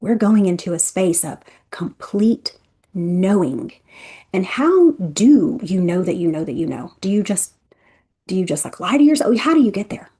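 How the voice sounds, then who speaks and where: Warm-voiced woman leading a workshop. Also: mid-range voice, normal speed, slightly rough. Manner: chatty and expressive, addresses listeners directly. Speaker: energy workshop leader. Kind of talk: interactive workshop teaching.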